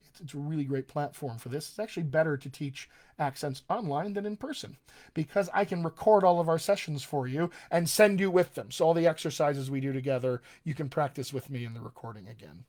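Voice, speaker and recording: A man's voice: fairly high pitch, a little mellow. A man working as a dialect coach, talking casually on a live-streamed Q&A, chatty with many fillers and restarts.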